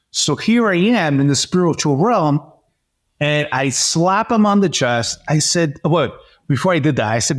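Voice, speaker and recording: A man as an interview guest, telling a personal story in a lively, animated way, with frequent fillers and restarts. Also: a little high, moderate pace. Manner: animated storyteller, acts out dialogue. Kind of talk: personal testimony in conversation.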